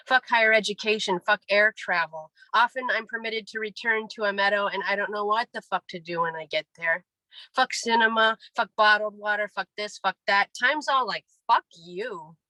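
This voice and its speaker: A woman in her forties giving a wry, deadpan poetry reading. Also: mid-range voice, moderate pace, no room sound, poor audio. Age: 40s. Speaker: poet. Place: reading venue.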